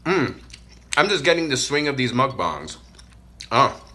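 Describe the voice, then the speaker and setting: A young adult man from Puerto Rico chats loudly and playfully while eating, humming with pleasure between bites. His voice is bright and forceful, sitting at an ordinary middle pitch for a man. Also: a little slow. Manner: loud, playful and animated, with frequent hums of enjoyment. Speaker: mukbang vlogger. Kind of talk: casual chat while eating.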